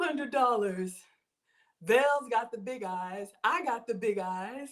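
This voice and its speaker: Excitable woman, middle-aged, casual livestream cooking host, reads viewer comments aloud. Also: fairly high pitch, takes it slowly.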